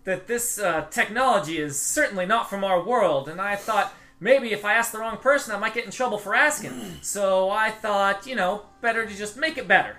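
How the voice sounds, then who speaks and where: Player putting on a jittery young tinkerer gal, higher voice, babbly excuses, bright tone. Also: moderate pace, few pauses, faint music behind. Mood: eager. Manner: nervous, rambling excuses. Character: jumpy young woman tinkerer, secretive.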